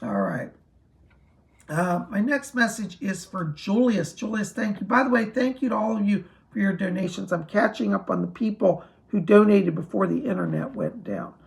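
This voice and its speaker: A man giving live psychic readings to viewers, hoarse as his voice gives out, relaying spirit messages in a reassuring way. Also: high-pitched, big pitch swings, moderate pace. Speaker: psychic medium.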